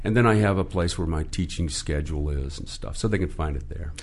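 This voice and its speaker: An older man who coaches voice actors, talking in a wry, joking way and swinging his pitch up and down. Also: fairly quick. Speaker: voice acting coach. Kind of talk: casual interview.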